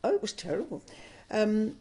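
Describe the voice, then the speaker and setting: An older woman telling a personal story in an interview, unhurried and chuckling as she recalls events. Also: mid-range voice, sing-song, warm tone, slightly rough.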